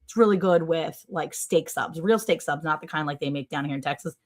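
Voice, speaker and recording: A middle-aged woman from Maryland hosting a livestream, telling a long, animated story and acting out other people's voices. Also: sits low, brisk. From Maryland, USA. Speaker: livestream host. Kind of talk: casual storytelling chat.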